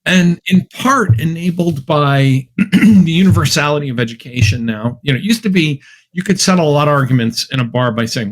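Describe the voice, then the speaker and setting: Speaking fairly quickly with an expressive, fairly high-pitched voice, a Massachusetts academic chats as a podcast guest. His interview talk is wry and anecdotal, loose and conversational, peppered with fillers and false starts.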